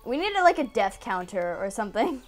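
A young woman giving casual gameplay commentary, excitable, yelping and laughing as she plays. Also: mid-range voice, a little fast, soft background music. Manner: excitable, yelps and laughs at the game. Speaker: gaming channel host.

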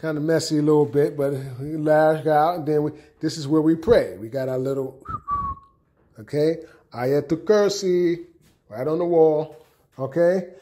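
A man's voice: on the high side, unhurried. A middle-aged man giving a casual tour of his apartment, often checking in with "okay?". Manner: relaxed, repeats "okay?" often. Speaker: home tour vlogger. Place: apartment room indoors.

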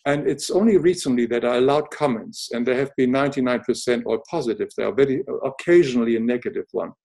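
Older man with an accent, soft and halting. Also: medium pitch, creaky. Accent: noticeable non-native English accent. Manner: halting, many restarts, soft-spoken and earnest. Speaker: podcast guest. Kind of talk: reflective casual conversation.

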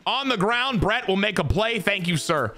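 A young man giving live gameplay commentary as a streamer, excitable and self-mocking, swearing freely. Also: sits high, normal speed, faint music behind. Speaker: gaming streamer.

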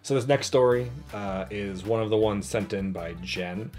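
A man co-hosts a casual tabletop gaming chat, reading out listener stories in a loose, rambling way full of "like" and restarts. His voice is lowish and somewhat dark, at normal speed, with faint music in the background.

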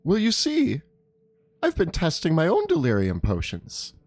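A man's voice: on the high side, wildly swooping pitch, unhurried, a little mellow, no echo, voice pushed down, full character voice. A man voicing an eccentric, overly polite male potion seeker in a tattered suit, with a pompous manner, in a tabletop game recorded in a dry room.

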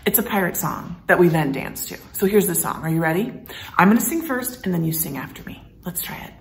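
A woman teaching a children's music and movement lesson at home. She talks in an animated, sing-song way and coaxes the children to join in. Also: on the low side, a little fast, creaky, echoey room, distant mic.

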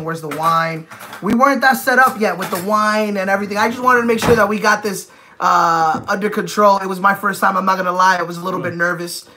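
A man hosting a live cooking stream from his home kitchen, talking excitedly and joking about himself. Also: high voice, a little hiss or hum. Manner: excitable, joking, self-deprecating. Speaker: cooking show host. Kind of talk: casual live-stream chat.

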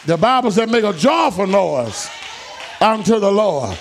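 Fervent high-voiced preacher, gravelly. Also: male voice, very animated, unhurried, some chatter behind, slight background noise. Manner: fervent preacher, rising into shouts and high whoops. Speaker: pastor. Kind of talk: sermon. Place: church sanctuary.

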